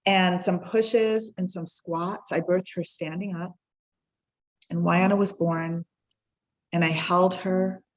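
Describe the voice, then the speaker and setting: A woman in her forties, a podcast guest telling a personal story in a heartfelt, reflective way. She acts out the dialogue with quick shifts in tone and slows down at the key moments. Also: lowish voice, steady tone, poor audio.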